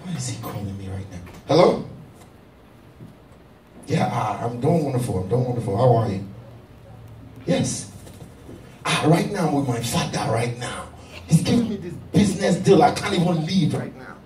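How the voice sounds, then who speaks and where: A man acting in an amateur church drama, excitable, dropping to a hush and then rising loud. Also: medium pitch, unhurried, pauses often. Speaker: churchgoer who lies on the phone. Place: church building, indoors. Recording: echoey, distant mic with clear background noise.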